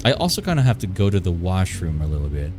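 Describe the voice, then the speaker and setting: A man talks casually to his stream audience while he draws, jumping from one thought to the next. His voice sits on the low side. Faint music plays under his voice. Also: big pitch swings, fast. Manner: playful, rambling, chats with viewers. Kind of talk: casual live-stream chat while drawing.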